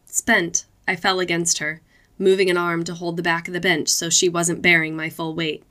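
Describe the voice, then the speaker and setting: A woman reading adult fiction aloud, in steady, unhurried narration. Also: lowish voice.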